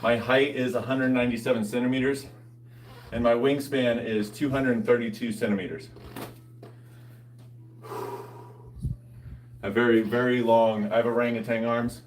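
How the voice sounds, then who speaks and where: Far from the mic, a US fitness vlogger talks with his live viewers in a loose, slangy, laid-back manner, laughing frequently. His mid-range voice has fairly even intonation and normal speed, broken by long pauses.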